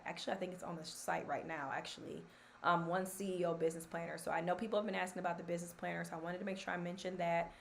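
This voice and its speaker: A woman's voice: lowish voice, gravelly, slight background noise. A woman hosting a casual live stream, chatty and encouraging. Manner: chatty, filler-heavy, encouraging. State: scratchy voice from allergies.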